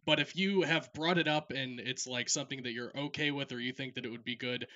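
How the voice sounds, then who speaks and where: Bright-voiced man giving direct advice. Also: medium pitch, fairly even intonation, fairly quick, dull audio. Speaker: esports caster. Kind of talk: casual podcast talk.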